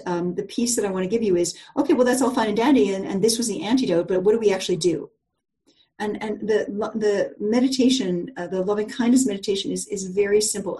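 Mellow-voiced woman coaching a group call. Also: mid-range voice, rough recording. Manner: chatty, warm storytelling with frequent fillers and restarts. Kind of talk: live group call teaching.

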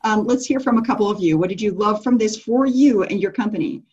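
A woman's voice: medium pitch, fast, dark tone, breathy edge, highs cut off. A woman leading a business coaching group call, enthusiastic and affirming, laughing often as she talks.

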